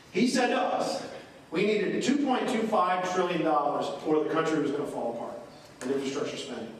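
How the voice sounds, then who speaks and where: A man's voice: on the high side, a little fast, a little hiss or hum. A man giving a punchy, joking town hall speech as a congressman. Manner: punchy, joking, folksy delivery. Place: courthouse meeting room. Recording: echoey live room from far off.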